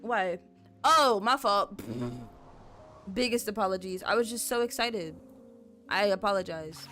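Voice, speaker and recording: A young woman streamer builds in a game with faint music behind her, her mid-range voice a little slow, pushed and bright. She rambles casually to chat, leaning heavily on "like" and "you know," and keeps apologizing and chatting with her viewers.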